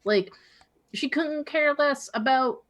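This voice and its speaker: A woman player in a tabletop game, explaining things quickly and insistently. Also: sits high. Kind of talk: casual tabletop play.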